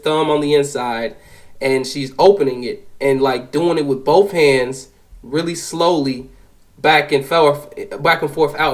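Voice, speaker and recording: A young man in his twenties telling a personal story, animated and profane, with lots of fillers. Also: a little high, low-quality recording. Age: 20s. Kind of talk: casual spoken storytelling.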